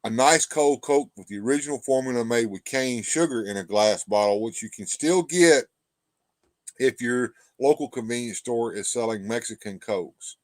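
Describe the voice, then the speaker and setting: A man's voice: mid-range voice, moderate pace, no echo. A man hosting, chatting casually and rambling as he repeats his words. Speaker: host. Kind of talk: casual commentary chat.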